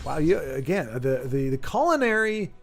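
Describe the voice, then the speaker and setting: A man's voice: fairly high pitch, sing-song, normal speed, gravelly, soft background music. Rambling, chatty man streamer. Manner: rambling, self-interrupting, reads chat aloud. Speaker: streamer host. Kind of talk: casual livestream chat.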